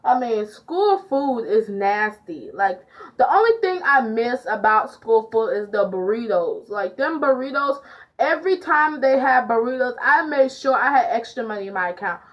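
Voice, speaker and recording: A woman's voice: on the high side, lively intonation, normal speed. A teenage girl telling a storytime vlog, chatty and full of fillers as she retells it. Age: teens. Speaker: vlogger. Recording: dull lo-fi audio.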